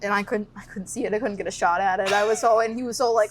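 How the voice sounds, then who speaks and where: A young woman in her twenties chats casually as a podcast guest, her voice in the middle of the usual range. She tells her stories with energy and slips into a higher, sharper voice when she quotes people. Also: racing, hardly any pauses, slight background noise. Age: 20s. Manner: animated, acts out quotes with rising pitch. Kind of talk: casual storytelling chat.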